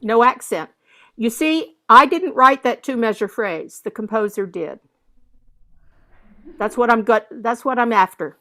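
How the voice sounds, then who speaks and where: A woman's voice: on the high side, unhurried, pauses often, sharp tone. An older woman leading a masterclass, giving direct coaching instructions and scatting rhythms aloud to show what she wants.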